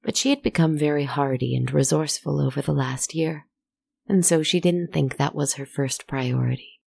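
Gravelly, dry-voiced storyteller. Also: mid-range voice, no room sound. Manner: soft, unhurried and reflective, with asides to the listener. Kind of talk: slow meditative story narration.

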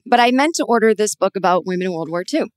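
A woman in her forties hosting a podcast, telling a long personal story in a rambling, animated way with many restarts. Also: mid-range voice, quick pace, a crowd in the background. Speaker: podcast host. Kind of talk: conversational interview.

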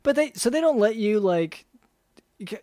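A man co-hosting an improvised comedy podcast as a doctor, with a gravelly voice and a hesitant, rambling way of talking full of restarts. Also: high voice, lively intonation, moderate pace, dark tone, no room sound, studio quality. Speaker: podcast co-host playing a doctor.

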